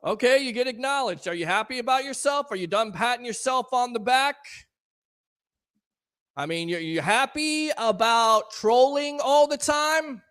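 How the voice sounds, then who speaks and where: A man's voice: very high-pitched, normal speed, a bit bright, smooth. A male sports talk host taking callers after a loss, frustrated and emphatic, firing off rhetorical questions. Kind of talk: call-in sports talk show.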